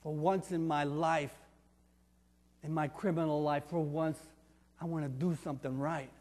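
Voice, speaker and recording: A pastor playing Barabbas, a rough ex-convict. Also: male voice, on the high side, steady tone, moderate pace, natural voice. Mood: impassioned. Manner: coarse colloquial talk, swinging from loud outbursts to hushed tones. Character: rough ex-criminal man, streetwise and tough. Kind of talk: first-person dramatic monologue in a sermon. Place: church. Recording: reverberant church sanctuary with faint music.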